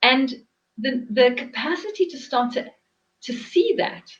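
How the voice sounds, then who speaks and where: A woman's voice: on the high side, animated, unhurried, fairly bright tone, dull audio. A woman hosting an interview as a life coach, explaining her ideas earnestly and repeating phrases for emphasis. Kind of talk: reflective interview talk.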